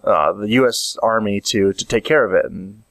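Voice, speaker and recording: A man's voice: on the low side, moderate pace, a bit bright, no echo. A man giving a casual comedic vlog monologue, rambling and joking with frequent restarts. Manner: rambling, jokey storytelling with many restarts. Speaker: vlogger.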